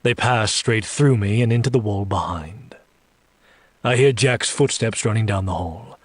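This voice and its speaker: A man reads a dark romance audiobook aloud with a husky, breathy voice pitched on the low side. His delivery is slow and seductive, and the sound is close and dry, with no room around it. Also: dry recording. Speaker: audiobook narrator. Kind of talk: dramatic audiobook reading.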